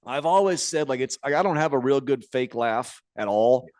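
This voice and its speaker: A man's voice: medium pitch, animated, moderate pace, darkish tone, no echo, clean studio sound. A man in his forties co-hosting a casual podcast, reading listener emails and often breaking into laughter between stumbling restarts. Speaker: podcast co-host.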